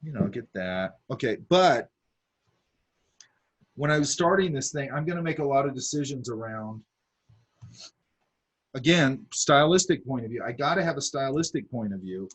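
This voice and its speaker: A man's voice: mid-range voice, expressive, normal speed, pauses often, husky. A man teaching a drawing class, talking casually as he sketches, with lots of fillers and asides. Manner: talks while drawing, many fillers and asides. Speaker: art instructor.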